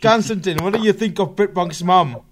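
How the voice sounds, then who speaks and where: A man's voice: high-pitched, moderate pace, a little hiss or hum. A young man in casual online chat with friends, laid-back and rambling, often laughing.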